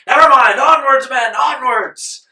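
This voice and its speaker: A man's voice: on the high side, animated, brisk, fairly bright tone, voice pushed up. A man voicing a stern commanding army general who barks clipped orders, his voice raised well above his own. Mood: rousing. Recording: roomy, distant mic.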